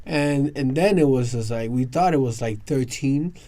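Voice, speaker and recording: A New York man with a medium-pitched voice tells stories at a normal speed as a guest on a round-table podcast with other guests. He's an animated storyteller who rambles and restarts in the casual conversation.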